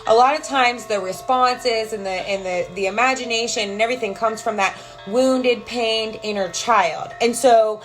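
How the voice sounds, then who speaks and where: A woman's voice: on the high side, normal speed, hardly any pauses, faint music behind. Profane, fired-up woman streaming live. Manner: excited, profane, motivational, greets viewers by name. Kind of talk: casual live stream chat. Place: home, with a cat nearby.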